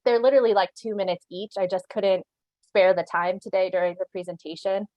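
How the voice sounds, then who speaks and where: A woman's voice: medium pitch, fairly even intonation, a little fast, a little mellow, no echo, lo-fi sound. Earnest woman teaching over a webinar. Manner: earnest and instructive, with occasional laughs and frequent "right?" check-ins. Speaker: animal control officer giving a training. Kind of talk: online training presentation.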